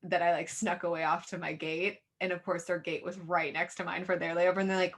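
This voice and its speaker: Bright-voiced woman podcast co-host. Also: on the low side, fast, few pauses. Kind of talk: casual podcast conversation.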